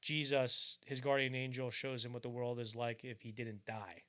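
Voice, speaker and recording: Rambling, bright-voiced young man. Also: mid-range voice, level tone, moderate pace. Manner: rambling, filler-heavy, acts out bits of scenes in mock voices. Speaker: podcast co-host. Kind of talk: casual film discussion.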